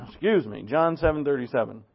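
A man preaching a sermon with a gravelly, creaky voice and an earnest, conversational delivery. He clears his throat now and then. The recording sounds dull and lo-fi. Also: fairly high pitch. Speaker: pastor.

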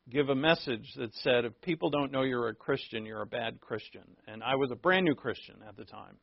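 A man preaching a sermon, telling stories with animated acted-out quotes and laughing at himself. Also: medium pitch, normal speed, gravelly, dry recording. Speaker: pastor. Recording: dull, dry lo-fi recording.

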